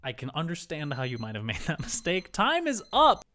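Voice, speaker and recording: A man's voice: on the high side, huge pitch swings, pushed and bright, slight background noise. A man co-hosting a casual podcast, teasing his co-host and laughing often. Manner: playful, teasing, quick to laugh.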